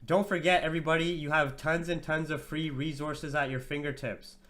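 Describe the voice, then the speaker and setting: A man's voice: on the high side, fairly even intonation, brisk, fairly bright tone. A tired man hosting a live market-analysis stream, chatting casually and profanely with his viewers. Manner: profane, slangy, chats with viewers as "bro". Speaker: trading livestream host. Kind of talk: casual livestream market commentary.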